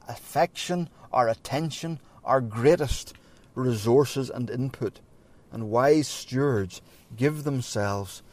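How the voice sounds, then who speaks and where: A man preaching a sermon, earnest and measured, leaning on pauses and rising to emphatic moments. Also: mid-range voice, darkish tone.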